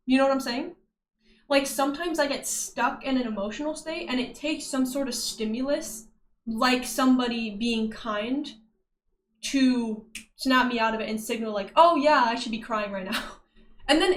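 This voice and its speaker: A woman's voice: high voice, a bit bright, echoey room. A young woman streaming, chatting casually with viewers, laughing often and greeting chat. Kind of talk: casual livestream chat reading viewer messages.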